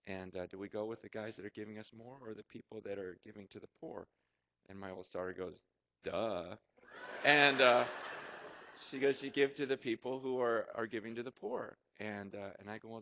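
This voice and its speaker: A middle-aged man preaching a sermon, telling a personal story in an animated, excited way, with restarts and bursts of laughter. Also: fairly low pitch, fairly quick. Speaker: pastor.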